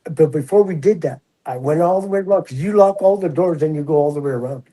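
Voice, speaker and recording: A man in his sixties, a retired prison officer, telling stories in a relaxed, chatty way and acting out the voices of others. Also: fairly high pitch, fast talker, poor audio. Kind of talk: casual storytelling.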